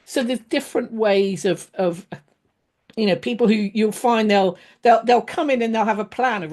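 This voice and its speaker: A woman teaching a casual lesson on leadership, chatty, with many fillers and restarts, acting out sample phrases in a gentler voice. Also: fairly high pitch, moderate pace. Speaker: leadership trainer.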